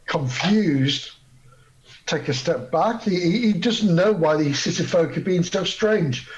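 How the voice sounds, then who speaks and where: A man playing a tabletop game, halting and repeating himself. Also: a little high, animated, muffled recording. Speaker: player. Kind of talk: casual tabletop play.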